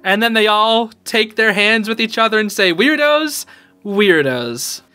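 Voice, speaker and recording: A man giving a casual, excited reaction to a show's episode, full of slang and calling the listener dude and bro, and a bit emotional about it. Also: high voice, moderate pace, clear, resonant tone, dry recording. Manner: emotional, a little teary. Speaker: YouTube show reviewer.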